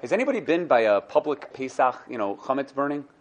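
A young man giving a lively Torah class. He acts out the people he quotes and thinks out loud as he goes. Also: quick pace, slight background noise. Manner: animated, acts out quoted speakers with rising pitch; thinks aloud, repeats and restarts. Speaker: Torah teacher.

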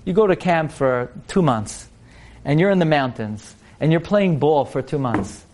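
Animated male religious teacher, high voice, dramatic storyteller. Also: measured pace. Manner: animated, dramatic, addresses listeners directly. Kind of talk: storytelling lesson.

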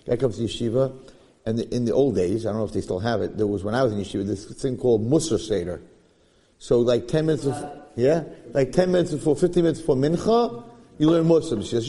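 Lively joking man teaching Torah. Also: medium pitch, fairly quick, big-room sound. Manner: joking, conversational, acts out stories. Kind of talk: informal Torah class.

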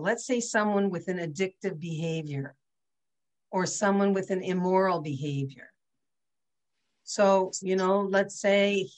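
A woman's voice: lowish voice, poor audio. A woman giving a conversational lecture over a video call, often checking in with her listeners. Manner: chatty, often checks in with "right?" and "okay?". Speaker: teacher leading an online class.

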